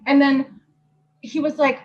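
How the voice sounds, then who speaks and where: A woman in her twenties telling a story in casual chat, blunt, profane and animated. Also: sits high, slow pace, highs cut off. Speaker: host.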